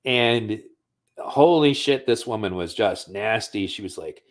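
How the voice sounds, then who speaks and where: A man's voice: on the low side, expressive, unhurried. A man from the United States talking casually on a livestream, telling a personal story in a profane, conversational way. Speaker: streamer.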